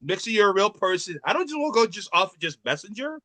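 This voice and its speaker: A man's voice: high-pitched, fast. A man from Nigeria, a comedian chatting casually and acting out the people in his stories. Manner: animated, acts out quoted voices in his stories. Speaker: comedian and podcast co-host. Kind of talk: casual chat, storytelling.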